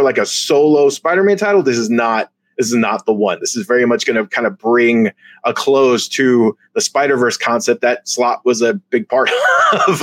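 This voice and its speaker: A man co-hosting a casual comic book chat, animated and quick to mock outrage, laughing often. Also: mid-range voice, no echo. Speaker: comic book podcast co-host.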